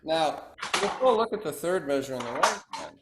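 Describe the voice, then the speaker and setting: A man's voice: fairly high pitch, lively intonation, moderate pace, reverberant, noisy background. A man teaching piano, counting beats aloud and asking his students questions. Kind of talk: online music lesson. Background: piano playing.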